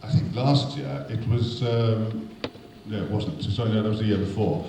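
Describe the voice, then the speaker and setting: A man, an actor, telling a rambling, self-deprecating comic anecdote to an audience. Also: medium pitch. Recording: echoey hall, distant mic, noisy.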